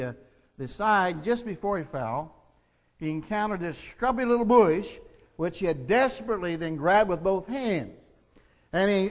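A high-voiced man preaching a sermon in a folksy, humorous storytelling way. His voice carries a long hall reverb, and the recording sounds dull and muffled. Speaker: pastor.

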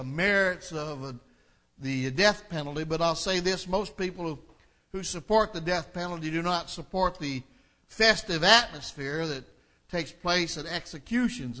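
A man's voice: sits high, pushed and bright. A man preaching a sermon, reading scripture aloud and then explaining it in an earnest delivery that builds in intensity. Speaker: pastor.

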